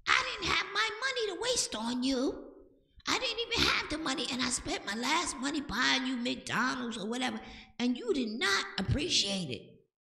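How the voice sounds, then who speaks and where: Done by a woman, a shrill, exasperated parent nags a child in a high, strained voice. The sound rings around a roomy space with a long reverb tail. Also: very animated, normal speed, gravelly, bright, forceful tone, exaggerated voice. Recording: echoey room with long reverb.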